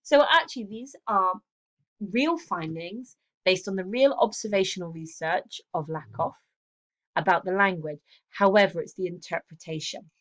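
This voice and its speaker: A woman's voice: on the low side, unhurried, fairly bright tone. Woman teaching a recorded revision lesson. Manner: explanatory, checks in with frequent "okay" and "um". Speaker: English teacher.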